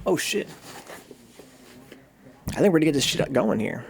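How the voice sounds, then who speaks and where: A young man hosting a casual stream, excitable and jokey, swearing freely as he chats to viewers at his computer. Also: on the high side, fairly quick, creaky, long pauses, breathy edge. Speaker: streamer hosting a movie-watching show. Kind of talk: casual livestream chat.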